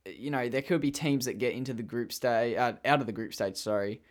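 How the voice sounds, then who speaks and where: Young aussie bloke running footy tips, easygoing, laughs a lot. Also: male voice, medium pitch, a little fast. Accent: Australian. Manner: relaxed, leads the segments, laughs easily. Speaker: podcast host. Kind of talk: casual football tipping chat.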